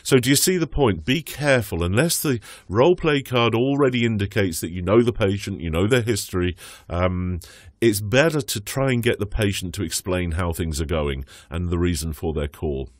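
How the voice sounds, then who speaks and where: A man tutoring for a medical English speaking exam, explaining in a measured, instructive way with some fillers. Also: on the low side, dry recording, clean studio sound. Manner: acts out doctor and patient lines in his own voice. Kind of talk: exam prep lesson.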